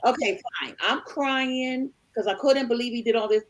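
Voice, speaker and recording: A middle-aged woman co-hosting a podcast, telling a story with lively acted-out dialogue. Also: a little high, moderate pace, few pauses, rough recording. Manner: animated storyteller, acts out dialogue. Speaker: podcast co-host. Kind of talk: storytelling chat.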